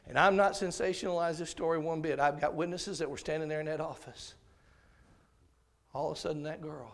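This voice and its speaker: A man preaching a sermon, telling a story dramatically and swinging from loud bursts to hushed tones. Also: a little high, brisk, vocal fry.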